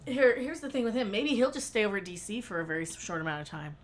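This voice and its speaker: A woman co-hosting a casual livestream chat with quick interjections. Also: medium pitch, sing-song. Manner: quick interjections, laughs easily. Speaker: co-host.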